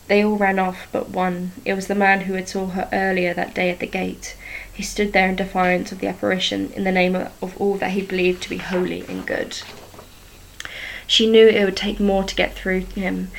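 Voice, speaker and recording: Woman narrator, story chapter read aloud; flat delivery, gravelly tone. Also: medium pitch, slight background noise, rough recording. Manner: even, steady reading with small restarts.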